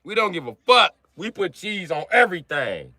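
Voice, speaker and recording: A man's voice: high voice, very animated, normal speed, pushed and bright, no echo. A man from Wisconsin ranting profanely and mockingly on a livestream. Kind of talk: profane comedic rant on a livestream.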